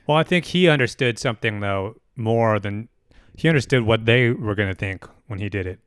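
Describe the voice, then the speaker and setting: A man's voice: lowish voice, lively intonation, a little fast, a bit bright, smooth, dry recording, studio quality. A man in casual chat, laid-back and musing, loose with his fillers.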